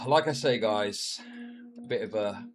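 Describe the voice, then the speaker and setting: A man's voice: slow, music in the background. A man streaming live, reacting to a video with profane, mocking commentary. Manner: profane, mocking, slips into shrill mimicking voices.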